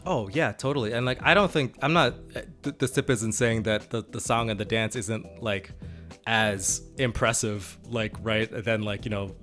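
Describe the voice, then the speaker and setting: On a tabletop gaming podcast, a co-host with a lowish, fairly bright voice talks at a moderate pace about role-playing games. He meanders with lots of fillers and restarts and laughs a lot, faint music audible behind him.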